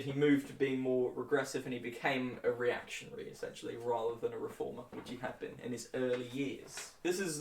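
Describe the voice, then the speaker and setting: A man's voice: mid-range voice, vocal fry, echoey room, distant mic, slight background noise. A young man giving a casual history lecture with jokey, flippant asides. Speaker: history tutor.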